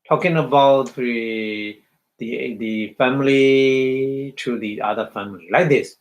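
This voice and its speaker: A male Buddhist meditation teacher gives an unhurried dharma lecture. His voice sits in a middle pitch and moves at a slow pace. He halts, repeats words and pauses to ask his listeners if they follow. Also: rough recording. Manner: halting, repeats phrases, checks in with "huh?".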